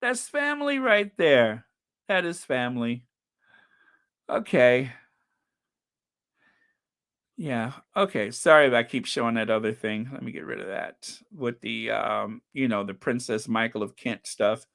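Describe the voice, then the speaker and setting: A man hosting a relaxed live-stream chat, talking at an unhurried, easy pace. His voice is smooth and clear as he chats, reads out viewers' names and comments, and laughs along. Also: medium pitch. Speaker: channel host.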